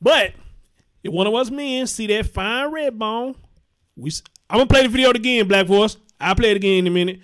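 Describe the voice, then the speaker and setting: A man's voice: high-pitched, fairly quick, fairly bright tone. A man hosting a live commentary show, reading chat comments aloud and reacting bluntly, with lots of profanity and repetition for emphasis. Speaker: host.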